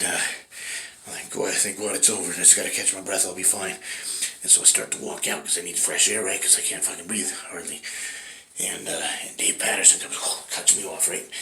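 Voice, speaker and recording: Deep gravelly middle-aged man swearing freely. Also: pushed and bright. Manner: profane, rambling, keeps asking "right?". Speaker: bodybuilding competitor. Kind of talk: casual storytelling. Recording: roomy echo.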